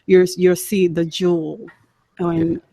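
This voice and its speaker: A man's voice: sits high, level tone, slow, crowd noise. A man on a gaming podcast talking casually, hesitating and repeating words. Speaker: podcast panelist.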